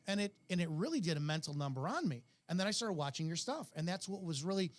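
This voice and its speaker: Brief: middle-aged male host, blunt and rambling, a bit high-pitched. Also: very animated, quick pace, few pauses. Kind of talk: interview, casual chat.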